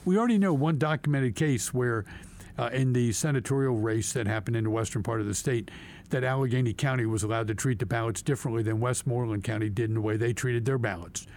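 A man's voice: medium pitch, fast, darkish tone. A man, a state representative, laying out bills in an emphatic policy discussion and repeating key words for stress. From Pennsylvania.

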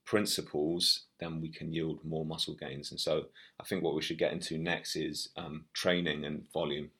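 A man with an extremely deep voice hosts a casual podcast chat. His delivery is flat and measured, and he guides the conversation along. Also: slightly rough.

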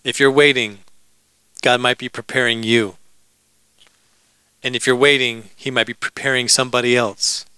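A male pastor delivers a sermon in a bright, crisp voice. He preaches casually, mixing humor and asides to the congregation. The sound is dry and close. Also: medium pitch, flat delivery, moderate pace, long pauses, no echo, rough recording.

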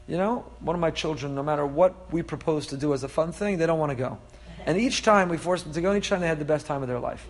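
Rabbi teaching Torah: high male voice, animated, explanatory, full of Hebrew terms. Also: fast. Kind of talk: Torah class lecture.

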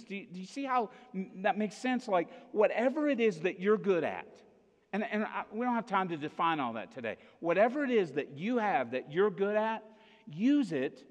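High-voiced American pastor in echoey hall. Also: male voice, muffled recording. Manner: casual, joking, keeps asking okay and right. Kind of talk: sermon. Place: church auditorium.

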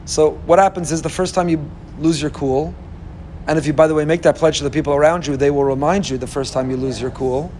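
Man, rabbi, sermon, animated, slightly higher pitch, faint noise behind. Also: fast talker. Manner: animated, acts out inner voices, humorous asides.

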